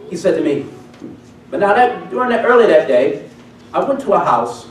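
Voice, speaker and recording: High-voiced preacher in an echoey hall. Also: male voice, quick pace, a little hiss or hum. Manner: animated storytelling, acts out the voices of people in the story. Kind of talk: sermon testimony. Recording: echoey hall, recorded from a distance.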